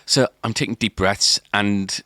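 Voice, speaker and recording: A man's voice: lowish voice, steady tone, a little slow, sharp tone, no room sound. A man, a podcast co-host, telling a long story in casual chat, rambling with restarts and filler words.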